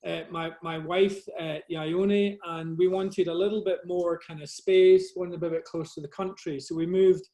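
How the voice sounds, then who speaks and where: A middle-aged man with a soft Scottish accent talks through his slides on a video call, in a modest, chatty way. His voice sits a little higher than most men's. He often pokes gentle fun at himself as he speaks. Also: steady tone, moderate pace, hardly any pauses. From Scotland. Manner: modest, conversational, self-deprecating. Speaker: guest speaker, photographer. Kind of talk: presentation over a video call.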